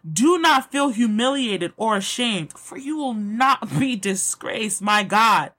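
Woman, devotional speaker, emphatic, repetitive, breathy voice, fairly high. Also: lively intonation, slow pace, a bit bright. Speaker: Christian motivational speaker. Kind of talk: devotional pep talk and prayer.

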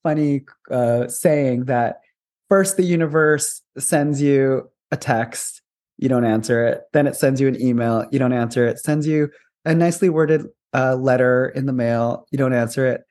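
A man's voice: medium pitch, unhurried, darkish tone. Earnest spiritual male podcast guest. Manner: earnest, spiritual, laughs often, rambling restarts. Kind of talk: conversational interview.

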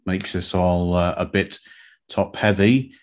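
A man's voice: sits low, slow. A man playing Tristan, a pompous, worldly-wise male pasty, in a comic game show. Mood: boastful. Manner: pompous, grandly self-assured.

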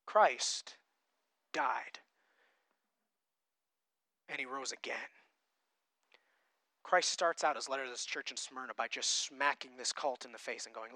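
A man preaching a sermon and reading scripture, emphatic, swinging between loud passages and quiet ones. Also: medium pitch, expressive, normal speed, long pauses, no echo. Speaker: pastor.

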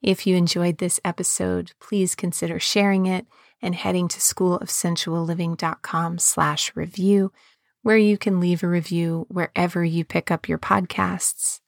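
A woman podcast host and embodiment coach, speaking in a calm, measured way and slowing down on key words. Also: lowish voice, vocal fry, no echo, clean studio sound. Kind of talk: podcast monologue.

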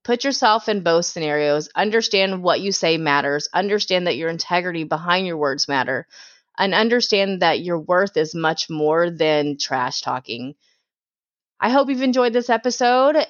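A woman's voice: on the low side, lively intonation, normal speed, no echo. A woman hosting a podcast, giving blunt, preachy advice in a direct way. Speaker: podcast host. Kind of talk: advice monologue. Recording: dull, dry lo-fi sound.

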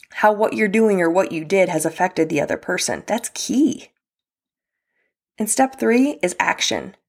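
A young adult woman with a voice on the low side hosts a solo podcast about apologies and relationships. She talks candidly and casually, using fillers and the occasional swear word.

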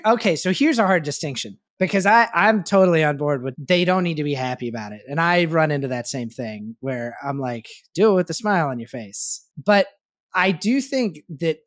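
A man co-hosting a casual parenting podcast, thinking out loud in a reflective way and swearing freely. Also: fairly high pitch. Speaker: podcast co-host.

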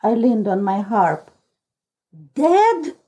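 A woman reading a novel aloud as audiobook narrator, in a measured, even manner. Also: a little high, low-quality recording. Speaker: audiobook reader. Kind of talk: scripted storybook narration.

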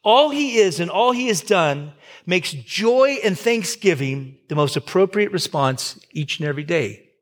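A man in his fifties preaching a sermon as pastor, conversational, with joking asides, swinging between loud and soft. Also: high voice, expressive, unhurried. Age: 50s.

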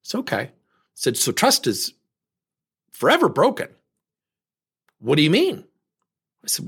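A man hosting a podcast, telling a personal story and acting out the dialogue in an animated way. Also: on the high side, measured pace, long pauses, breathy edge. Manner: animated, acts out quoted dialogue. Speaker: podcast host.

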